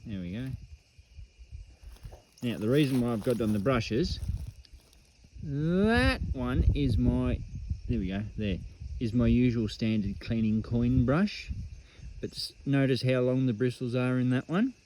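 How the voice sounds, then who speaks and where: An Australian man excitedly showing off metal detecting finds at an old rubbish dump, in a casual outdoor vlog full of slang. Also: medium pitch, unhurried, pauses often, slight background noise.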